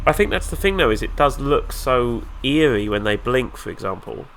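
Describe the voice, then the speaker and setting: A man's voice: medium pitch, expressive, moderate pace, a bit bright, a little hiss or hum. A man with a nasal, flu-stuffed voice, giving casual, sarcastic commentary while playing a video game. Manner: sarcastic, exasperated asides. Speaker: let's play host.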